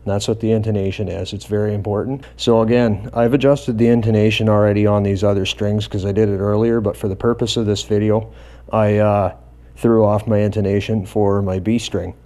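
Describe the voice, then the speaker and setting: A man explaining bass guitar adjustments step by step in a calm, methodical tutorial. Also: brisk.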